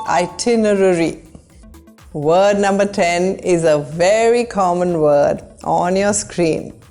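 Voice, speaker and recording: A woman presenting a pronunciation lesson, saying each model word slowly and carefully. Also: mid-range voice, mellow. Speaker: English pronunciation teacher. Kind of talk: scripted lesson to camera.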